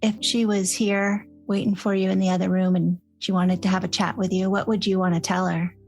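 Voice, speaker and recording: Gentle, curious woman interviewer. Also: mid-range voice, flat delivery, fairly quick, vocal fry, soft background music.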